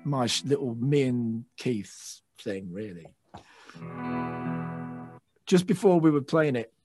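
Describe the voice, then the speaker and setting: A man, a guest guitarist, telling excitable stories in a casual interview, swearing and acting out shouts. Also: mid-range voice, dry recording. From England.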